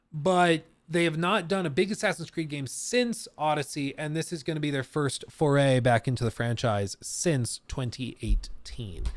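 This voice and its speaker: An American streamer in his thirties hosts a livestream, chatting casually in a medium-pitched voice. He's animated and rambling, laughing often, and the recording is dry.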